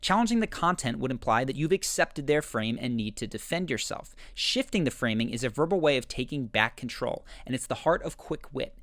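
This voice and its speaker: A man narrating a scripted video essay in a measured, explanatory way. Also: mid-range voice, lively intonation, fairly bright tone, no echo. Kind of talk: scripted narration analyzing show clips.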